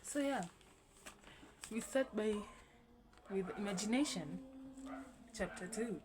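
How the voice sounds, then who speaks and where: A woman's voice: mid-range voice, slow pace, background noise. A young woman hosting a casual vlog, rambling and swearing lightly as she reads her old writing aloud. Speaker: YouTube host.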